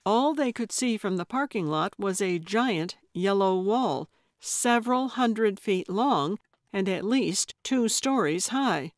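A woman narrating a cozy mystery audiobook in measured, even storytelling on a close studio mic. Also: mid-range voice, no echo. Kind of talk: scripted narration.

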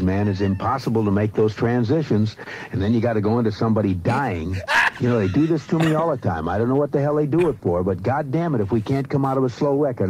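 A man's voice: mid-range voice, warm tone, lo-fi sound, a little hiss or hum. A man, a radio countdown host, swearing constantly and venting at his crew in a studio outtake. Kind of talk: profane studio outtake rant.

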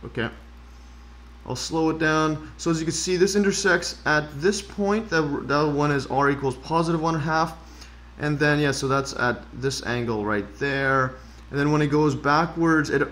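A man's voice: mid-range voice, fairly bright tone. A man explaining a math problem in a casual screen-recorded lesson, thinking aloud with frequent fillers and self-corrections, and keen on the animation he shows. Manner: enthusiastic about the animation. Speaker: math tutor.

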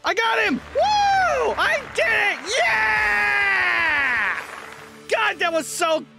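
A man voicing a cheerful young martial arts hero while playing a video game, excitable and yelling when frustrated. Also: high voice, moderate pace, loud music behind the voice. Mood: triumphant. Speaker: gaming channel host. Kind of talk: in-character gameplay commentary.

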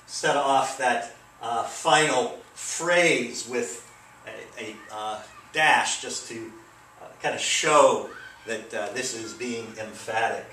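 A man giving an informal English lesson, relaxed and unhurried, with many fillers and asides. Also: medium pitch, a little hiss or hum. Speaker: English teacher. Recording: roomy echo, mic at a distance.

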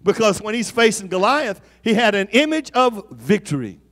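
A man's voice: high voice, big pitch swings, normal speed, a bit bright. A man preaching a sermon as an apostle, repeating lines for emphasis and calling on the congregation to respond. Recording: long hall reverb.

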